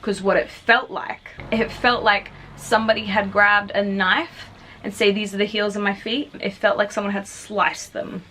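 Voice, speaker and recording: A woman's voice: medium pitch, level tone, normal speed, bright, forceful tone. Young woman, casual vlog storytelling, lots of "like" fillers, faint background noise. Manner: chatty, filler-heavy, frequently says "like". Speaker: vlogger.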